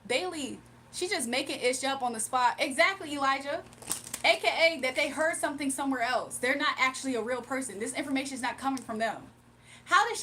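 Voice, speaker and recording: Bright, high-pitched woman streamer; sassy, exasperated rant at chat, faint background hum. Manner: sassy, exasperated, talks back to chat comments. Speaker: livestream host reading chat. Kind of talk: casual livestream rant.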